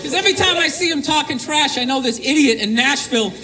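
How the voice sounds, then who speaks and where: A male stand-up comedian doing an animated routine, shouting his punchlines in mocking bursts. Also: extremely high pitch, fast talker. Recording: live club set with crowd laughter and noise. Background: audience laughing.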